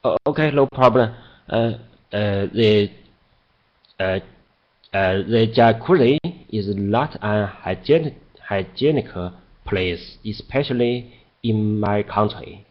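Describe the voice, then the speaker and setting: A man's voice: lowish voice, takes it slowly, highs cut off. A man answering as a student in a language class, hesitant with many fillers.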